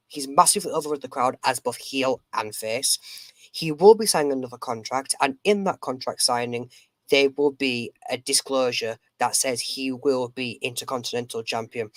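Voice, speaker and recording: A man's voice: mid-range voice, a bit bright, no room sound. Guy cohost, dry close sound, talks sure of himself, punchy. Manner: emphatic, confident predictions. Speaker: podcast co-host. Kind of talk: casual chat.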